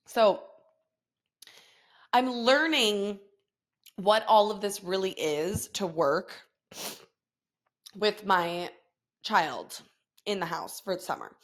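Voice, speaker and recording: A woman's voice: mid-range voice, slow pace, pauses often. A woman in her thirties hosting a podcast, chatting frankly with frequent swearing and laughter. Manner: frank, profane, laughs often. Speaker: podcast host. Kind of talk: casual confessional chat.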